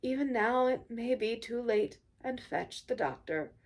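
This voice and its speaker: A woman voicing a sly male toad who plays at being gravely ill, speaking faintly and with drooping sighs. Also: sits high, animated, measured pace, fairly bright tone, voice pushed up. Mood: feeble. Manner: faint, drooping, sighing delivery. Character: feeble self-pitying male toad, sly and languid.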